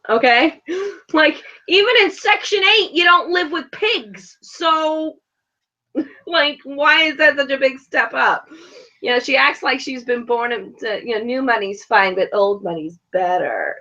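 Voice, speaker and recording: Woman, bright higher voice, blunt profane ranting, dull lo-fi sound. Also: a little slow. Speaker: podcast co-host, mother. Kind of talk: casual reality TV chat.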